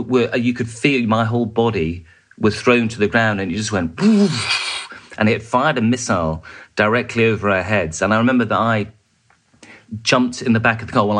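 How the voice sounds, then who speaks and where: Lower-voiced man telling a war story. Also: fairly bright tone. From United Kingdom. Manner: vivid, halting storytelling with fillers and restarts. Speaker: journalist guest. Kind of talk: recounting a war story in an interview.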